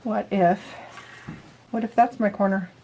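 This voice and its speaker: A woman talks casually through a hands-on project, thinking aloud in a chatty, upbeat way. Her voice sits at an ordinary middle pitch. A faint noise hums behind her in a small camper. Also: fairly even intonation, unhurried, warm tone, low-quality recording. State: out of breath at times. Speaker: DIY vlogger. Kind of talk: casual talk-through while working. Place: camper interior.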